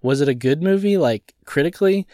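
A man co-hosting a podcast who chats casually about a movie, animated and laughing often in disbelief. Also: a little high, a little fast, no room sound, studio quality. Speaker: podcast co-host. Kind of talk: casual movie review chat.

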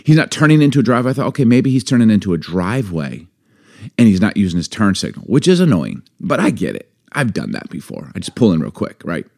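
A man co-hosting a podcast in casual chat, an animated storyteller who acts out his own reactions, on a studio mic. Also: on the low side, fast talker, vocal fry. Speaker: podcast co-host.

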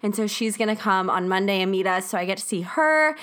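A woman's voice: mid-range voice, lively intonation, a little fast, a bit bright. A young woman co-hosting a podcast, chatting upbeat and giggly while a little congested from a cold. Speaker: podcast co-host. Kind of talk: casual chat.

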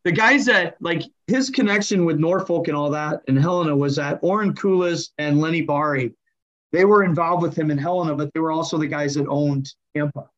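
A man with a noticeably high voice tells hockey stories as an interview guest, slipping into other people's voices as he goes. His sound comes through dull and lo-fi, with the top end rolled off. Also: fairly quick. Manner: animated, acts out voices while telling stories. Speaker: hockey coach and general manager, guest. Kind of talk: conversational interview storytelling.

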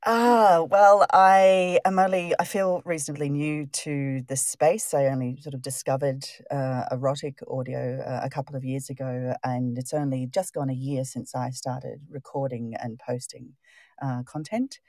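A woman with an Australian accent, a guest in casual chat, polite and a little hesitant, voice low from just waking. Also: steady tone, moderate pace, a little mellow, dry recording. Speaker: guest, audio artist.

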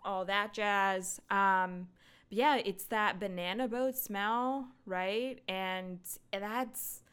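A young adult woman hosting a podcast, talking casually in a rambling, animated way with lots of fillers and laughs into a microphone. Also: medium pitch, drawn-out words, clear, resonant tone. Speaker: podcast host. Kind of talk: casual solo chat.

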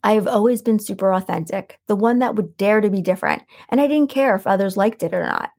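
A middle-aged woman hosting her own podcast, coaching listeners in a calm, soothing voice and reading quotes out slowly. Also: mid-range voice, creaky. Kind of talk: solo podcast teaching.

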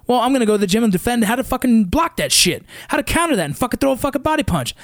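Very high-pitched, expressive and very fast, this man from the San Fernando Valley, California, is a dad of young athletes in his thirties. He unloads a profane, intense motivational rant, hammering his points through repetition, in a dry, clean studio recording.

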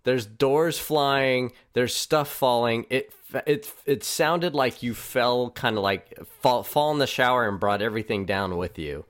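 A man's voice: medium pitch, measured pace, few pauses, a bit bright. A man in casual chat, earnestly giving his side of the story.

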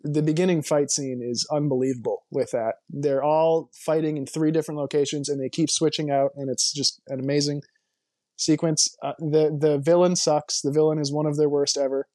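Man, podcast co-host, slightly high voice, dry close sound; chatty and opinionated. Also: warm tone, dry recording. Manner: rambling, emphatic, full of restarts and opinions. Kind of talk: casual movie podcast chat.

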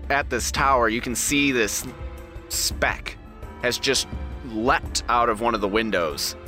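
Male game master, bright sharp tone, casual tabletop narration. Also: mid-range voice, slow pace, soft background music. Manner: describes scenes, voices the goblins.

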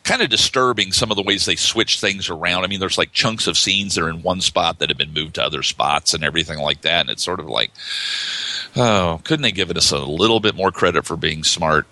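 A middle-aged man chatting casually about films, acting out movie lines in an animated way. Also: low voice, a little fast. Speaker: podcast co-host. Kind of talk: casual film discussion.

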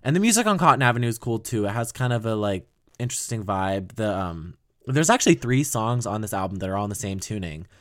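Here a young podcaster talks fast in a lowish, fairly bright voice with big swings in pitch. His casual album review rambles along, full of laughter and the odd curse word.

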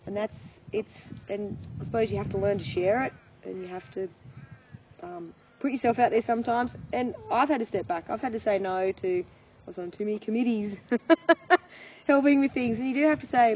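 A woman, a farmer and mother speaking candidly as an interview guest, animated and laughing often as she acts out quoted voices. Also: a little high, moderate pace. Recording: dull lo-fi sound with faint noise.

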